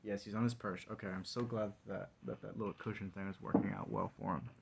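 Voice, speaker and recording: A man's voice: lowish voice, fairly even intonation, fast, creaky, noisy background. A man vlogging alone in a wry, rambling monologue full of fillers. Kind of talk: casual solo monologue.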